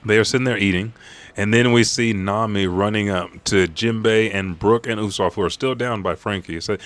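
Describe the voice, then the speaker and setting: A man with a lowish voice reads a manga chapter aloud on a live stream. He talks in an excitable, profane way and slips into quick character voices as he goes.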